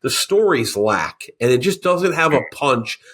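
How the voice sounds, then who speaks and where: A man's voice: medium pitch, sing-song, a little slow, fairly bright tone. A man co-hosting a casual movie review chat, rambling and a bit sarcastic. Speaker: podcast co-host.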